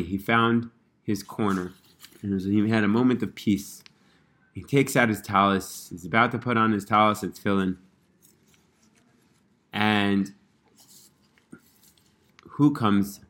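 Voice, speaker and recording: A man telling a religious story in a casual, earnest way, rising in pitch when he quotes the people in it. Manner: earnest, animated when quoting characters.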